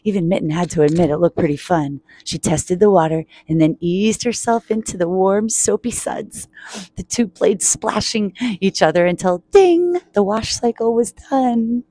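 In a public laundromat, a woman reads a children's picture book aloud in a quiet, playful voice, joking and giggling along the way. Her voice is mid-range and her pace moderate, with no echo.

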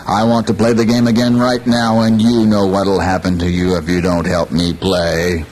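A huge, ferocious jaguar from a storybook tale, gruff and low, drawing out his demands slowly and bossily, voiced by a male storyteller. A faint rumble sits under the old recording. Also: level tone, a little mellow, lightly acted, rough recording. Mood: demanding.

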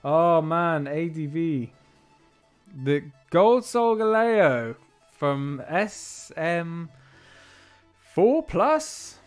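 Chatty man, slightly high voice. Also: very slow, clean tone, faint music behind. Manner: chatty and excitable, laughs often, trails off into quiet asides. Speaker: streamer opening trading card boxes. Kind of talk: casual live-stream chat.

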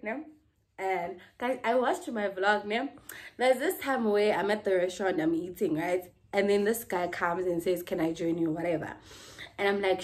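A young South African woman vlogs casually on a phone she holds in her hand, chatting and laughing at a moderate pace in a medium-pitched voice. She slips Zulu words into her English.

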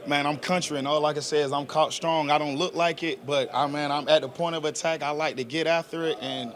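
A man's voice: a little high, fairly even intonation, brisk, a bit bright. A young man, a football player answering press questions in an earnest, casual, slangy way. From South Georgia, US. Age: 20s.

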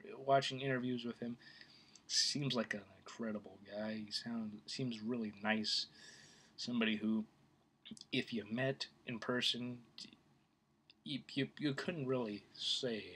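Husky-voiced man rambling about films. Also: on the low side, fairly bright tone. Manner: rambling, many fillers and restarts. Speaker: film vlogger. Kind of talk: casual opinion talk.

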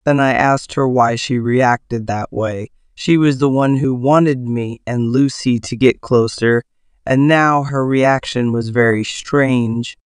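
Slow, clear-voiced male story narrator. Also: medium pitch, fairly even intonation, dry recording, studio quality. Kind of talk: scripted first-person story narration.

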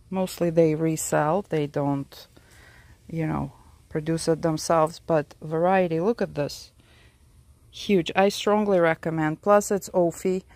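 A woman's voice: on the low side, no room sound. A woman hosting a casual garden tour vlog, chatty and out of breath from the heat, talking to her plants and her viewers. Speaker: orchid grower and channel host. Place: outdoor orchid garden.

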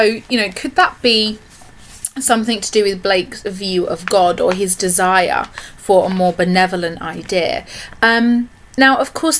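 A woman's voice: medium pitch, a bit bright. Woman teaching a poetry lesson. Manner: explanatory, frequent "okay" check-ins. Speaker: English literature teacher. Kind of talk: recorded online lesson.

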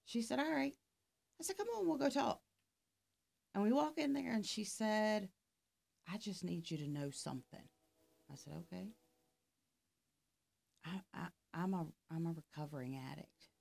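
Speaking at a moderate pace with long pauses, a middle-aged woman, a life coach and podcast guest, narrates a story casually while voicing both sides of the conversation. Her mid-range voice is animated and creaky, with a darkish tone.

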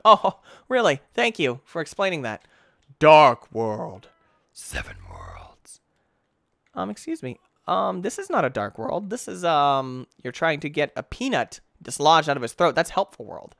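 Excitable man with a lively, bright voice. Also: on the high side, no echo, clean studio sound. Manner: excitable, goofy, talks to the game, bursts into shouts. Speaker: game commentator. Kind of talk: let's play commentary.

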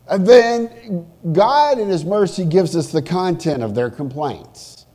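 A pastor preaching a sermon in church, animated, swinging from loud emphasis to hushed asides. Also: male voice, high-pitched, takes it slowly. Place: church sanctuary.

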